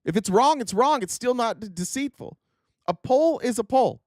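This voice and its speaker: A man's voice: very high-pitched, expressive, normal speed, darkish tone, dry recording, studio quality. A man hosting a political commentary livestream, ranting with exasperation and profanity as he reads out quotes and mocks them.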